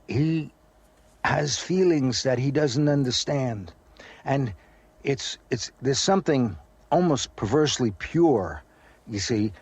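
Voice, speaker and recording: An older American man with a Brooklyn accent softened toward British, chatting in a rambling, anecdotal way as a guest on a radio interview. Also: medium pitch. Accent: Brooklyn New York, softened toward British. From USA. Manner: rambling, anecdotal, many fillers. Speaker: actor guest. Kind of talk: relaxed radio interview chat.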